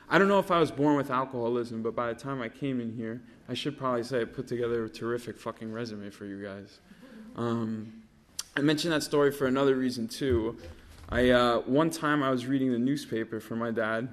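A man in his thirties sharing his life story at a recovery meeting, rambling with lots of fillers and swearing. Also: mid-range voice. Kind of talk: casual personal storytelling.

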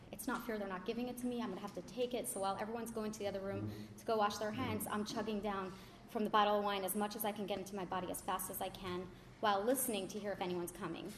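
A woman's voice: mid-range voice, slight background noise. A young adult woman candidly telling her life story in a casual way, with many fillers and restarts. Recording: roomy echo with faint ambience.

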